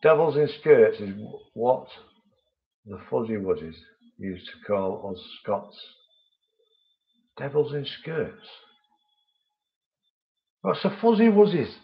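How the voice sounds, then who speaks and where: A man's voice: medium pitch, sing-song, slow, creaky, pauses often, lo-fi sound. A man hosts a vaping channel live stream, chatting with viewers and reading their comments out in a friendly way.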